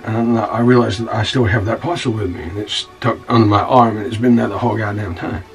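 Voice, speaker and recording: An actor playing a blunt scoundrel with a stammering, rambling delivery, narrating a story, recorded from a distance with faint music. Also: male voice, fairly low pitch, fairly even intonation, brisk, lightly acted. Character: rough-talking scoundrel man telling a wild story.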